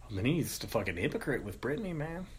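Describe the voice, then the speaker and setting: A man's voice: mid-range voice, sing-song, fairly quick, breathy edge. A man in his thirties hosting a podcast, bantering loosely with a guest, joking and swearing freely. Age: 30s. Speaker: podcast host. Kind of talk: casual podcast chat.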